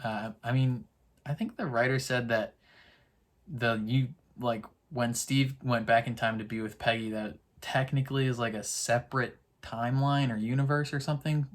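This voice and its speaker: A man's voice: medium pitch, fairly even intonation, normal speed. A man casually recapping a TV episode in a rambling, chatty way, full of fillers. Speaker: TV episode reactor.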